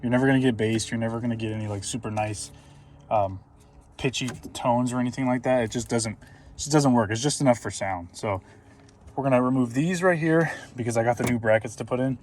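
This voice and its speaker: A man's voice: mid-range voice, a little fast, a little mellow, recorded from a distance. A man talks casually through a car repair in his garage, rambling with frequent ums and false starts. His voice sits a bit away from the mic, with light background noise around him. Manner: loose and chatty, many ums and restarts. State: out of breath from working. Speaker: car channel host. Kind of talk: casual DIY car vlog.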